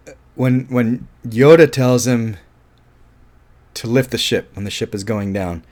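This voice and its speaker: A man's voice: on the low side, darkish tone. A man giving a casual, rambling film review, thinking aloud and often restarting his sentences.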